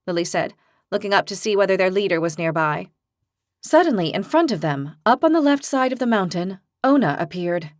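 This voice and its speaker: A woman narrating a fantasy audiobook in clear, even storytelling. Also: medium pitch, brisk, no room sound, clean studio sound. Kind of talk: scripted narration.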